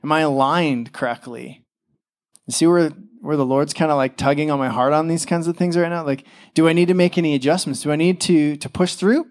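A young man preaches in a loose, conversational way, stumbling over fillers and slipping into quick impressions of the people he quotes. His voice sits a little higher than most men's. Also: fairly even intonation. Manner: casual, chatty preaching with many fillers and acted-out quotes. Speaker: pastor. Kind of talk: sermon.

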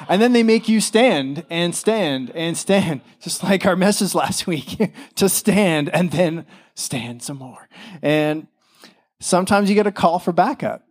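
Chatty man preaching a casual sermon. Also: fairly high pitch. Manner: casual, chatty preaching with many fillers and acted-out quotes. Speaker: pastor.

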